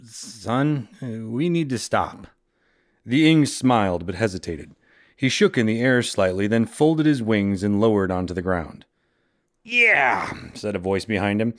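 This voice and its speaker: A man reading a fantasy story aloud, slow and measured, with friends listening. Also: on the low side, no room sound, clean studio sound. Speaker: podcast co-host reading aloud.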